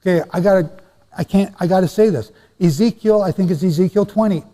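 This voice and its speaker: A man with a high but mellow voice gives a Bible lecture over slides. He talks straight to his listeners, repeating and leaning on words for stress. His voice rings with the long echo of a hall. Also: brisk. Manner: conversational, repeats and stresses words, addresses audience directly. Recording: echoey hall.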